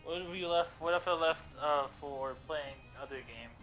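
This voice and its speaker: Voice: medium pitch, normal speed, soft background music. A playful friend chatting and teasing a streamer during a game. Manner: playful, teasing, shouts silly sounds. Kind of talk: casual chat with a streamer.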